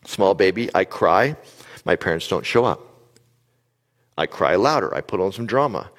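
Male speaker, very low voice, animated storyteller who quizzes the audience, long hall reverb. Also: moderate pace. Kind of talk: live motivational talk.

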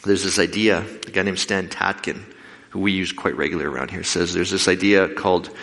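A man preaching a sermon with lively storytelling, acting out the voices of the people in his stories. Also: low-pitched, brisk. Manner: animated, acts out quoted voices. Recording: long hall reverb.

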